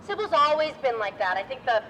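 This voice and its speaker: An actress playing a calm, teasing 1920s chorus girl in live street theatre. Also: high-pitched, fairly quick, heavy background noise. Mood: soothing. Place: outdoors on a street.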